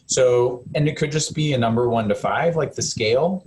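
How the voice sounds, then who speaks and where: A man's voice: medium pitch, normal speed, noisy background. A man, a counselor, giving a casual live webinar talk in a conversational way, with lots of fillers and self-corrections.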